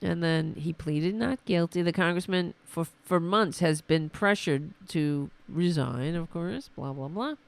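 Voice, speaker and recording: A hoarse woman losing her voice, hosting a livestream with sarcastic, exasperated political commentary. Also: on the low side, a little slow, hardly any pauses. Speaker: livestream host.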